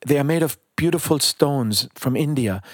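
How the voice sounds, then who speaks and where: A man voicing a kind, sorrowful male statue prince who speaks in a gentle, earnest, pleading way. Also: mid-range voice, moderate pace, slightly rough, no room sound, studio quality, close to an everyday voice.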